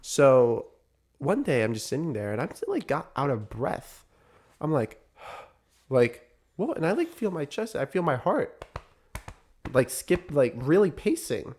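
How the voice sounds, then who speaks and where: A young adult man co-hosting a casual podcast chat, telling lively stories with swearing and frequent laughs. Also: medium pitch, measured pace, long pauses, slightly rough. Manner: animated storytelling with swearing and laughter. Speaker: podcast co-host.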